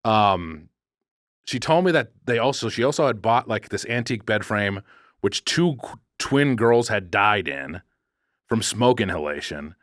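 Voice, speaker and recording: Male podcast co-host, deep voice, dry close sound, rambling jokey storyteller. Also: expressive, unhurried, a bit bright, dry recording. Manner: rambling, self-correcting, jokey. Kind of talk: casual storytelling. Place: podcast studio.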